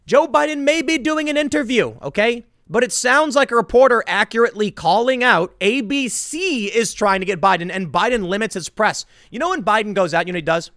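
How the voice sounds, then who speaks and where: A man giving opinionated political commentary in an animated, emphatic way, often repeating words. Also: sits high, a little fast, hardly any pauses, dry recording, clean studio sound.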